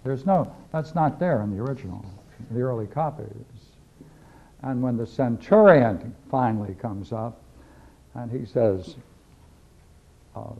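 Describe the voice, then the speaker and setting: A man's voice: medium pitch, lively intonation, measured pace, pauses often. A man teaching a philosophy class, lecturing emphatically and repeating key phrases as he reads and discusses scripture. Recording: dull lo-fi videotape recording.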